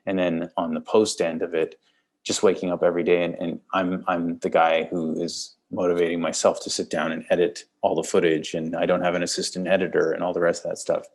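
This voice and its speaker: Low gravelly Canadian man. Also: level tone, a little fast. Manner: rambling, repeats words, laughs between thoughts. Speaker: film director guest. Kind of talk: casual interview talk.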